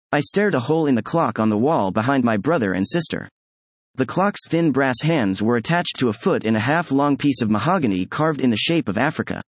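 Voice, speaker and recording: A man reads a first-person story in a measured, even way. His voice is a little husky, and the dry, close sound leaves no room echo. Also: medium pitch. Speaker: audiobook narrator.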